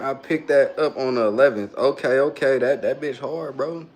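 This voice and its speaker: A man's voice: mid-range voice, normal speed. A man chatting casually on a phone livestream, joking and reading his chat aloud while queasy and burping after a hot sauce shot.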